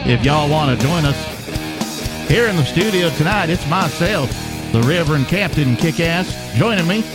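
A man's voice: on the high side, animated, measured pace, over music, pitched above the performer's own voice. A man playing a folksy Southern radio host in a hammy, playful way.

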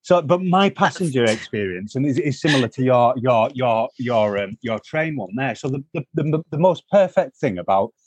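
A man's voice: medium pitch, expressive, moderate pace, hardly any pauses, husky, no echo. A middle-aged man from northwest England, co-hosting a podcast and telling a rambling travel story. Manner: rambling, many fillers and restarts. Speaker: podcast co-host. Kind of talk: casual chat, storytelling.

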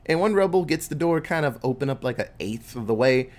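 A man hosting a casual chat, retelling a movie plot in animated, profane storytelling. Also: medium pitch, fairly quick.

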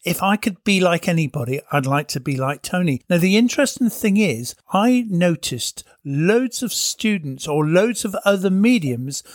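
A man's voice: sits high, animated, moderate pace, few pauses, dry recording, clean studio sound. A man, a medium himself, hosting a conversational interview in an earnest, reflective way. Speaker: host, spirit medium.

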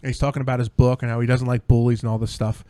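A tipsy man hosting a podcast. He tells rambling, excitable stories and swears freely. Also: mid-range voice, rapid-fire, no echo. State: tipsy from drinks. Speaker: podcast host. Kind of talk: casual podcast chat.

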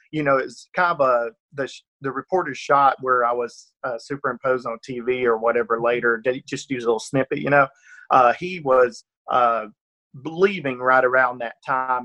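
In a bright, forceful, medium-pitched voice, this actor from Northeast Georgia answers an interviewer in his rural Georgia accent. He chats away with self-deprecating humor, laughing a lot and frequently restarting sentences.

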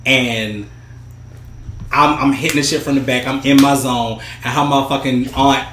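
A man's voice: mid-range voice, steady tone, moderate pace, a bit bright. A man hosting a podcast in a laid-back, agreeable way, often laughing along. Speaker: podcast host. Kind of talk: casual chat. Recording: roomy echo with faint noise.

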